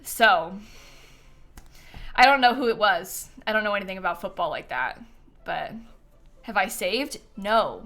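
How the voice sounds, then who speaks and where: A woman's voice: mid-range voice, expressive, unhurried, pauses often, fairly bright tone, soft background music. A woman chatting casually on a live stream while she plays a life-sim game, giggling often and answering questions from chat.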